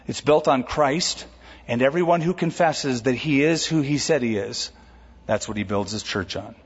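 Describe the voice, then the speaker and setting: Lively preaching man in a reverberant hall. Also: mid-range voice, moderate pace, breathy edge. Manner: lively, conversational preaching with jokes. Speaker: pastor. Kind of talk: sermon. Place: church auditorium. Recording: dull recording with long hall reverb.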